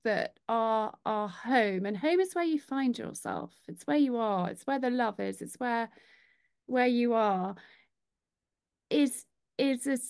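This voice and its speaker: A woman's voice: fairly high pitch, clear, resonant tone, no echo, clean studio sound. A woman hosting a podcast, chatting casually and agreeing often. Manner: agreeable, frequent "yeah" backchannels. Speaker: podcast host. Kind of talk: casual chat.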